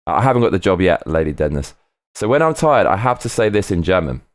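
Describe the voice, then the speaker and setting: A man's voice: low voice, very animated, brisk, no echo. A man on a casual live stream, rambling between topics, swearing freely and reading viewer comments aloud.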